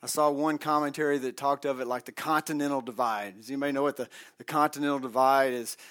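A man's voice: medium pitch, fairly even intonation, fast, a bit bright. A man teaching a Bible class, reading scripture aloud and breaking in with casual explanations. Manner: conversational, reads scripture aloud with asides.

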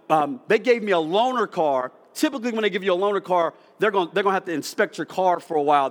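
A man, preaching a sermon in a church and acting out the dialogue of his story. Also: high voice. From United States. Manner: storytelling, animated, acts out dialogue. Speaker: pastor. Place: church sanctuary. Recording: long hall reverb.

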